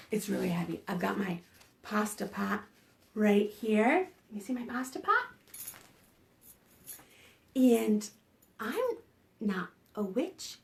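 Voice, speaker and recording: High, slow, playful woman children's librarian. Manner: animated and playful, with gasps and sing-song rhymes for small children. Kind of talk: preschool storytime read-aloud and chant.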